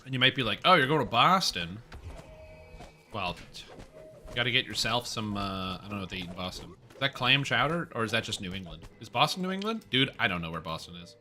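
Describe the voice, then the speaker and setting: Bright-voiced man, rambling. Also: fairly low pitch, fast, soft background music. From Canada. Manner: rambling, joking, answers chat. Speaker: streamer. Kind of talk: casual gaming stream chat.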